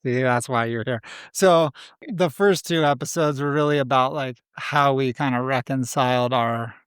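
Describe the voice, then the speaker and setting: Smooth-voiced man hosting a casual podcast. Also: medium pitch, normal speed, a bit bright, no room sound, clean studio sound. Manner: loose and joking, trails off mid-sentence. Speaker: podcast host.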